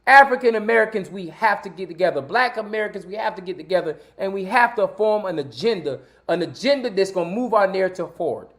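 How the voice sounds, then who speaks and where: A man's voice: high-pitched, expressive, fast talker, few pauses, a bit bright. A man hosting his own live-streamed talk show, speaking in a preachy, repetitive way and pleading with his viewers. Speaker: livestream show host. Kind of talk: live-streamed commentary monologue.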